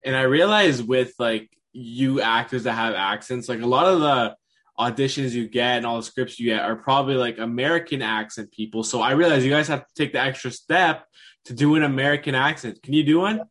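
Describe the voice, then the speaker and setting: A man hosting a podcast, asking his guest relaxed questions with filler words. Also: mid-range voice, fairly quick. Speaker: podcast host. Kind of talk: casual interview questions.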